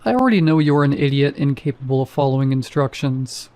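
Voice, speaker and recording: A man voicing an apathetic male night security guard who speaks in a flat, bored monotone. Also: mid-range voice, a little fast, natural voice.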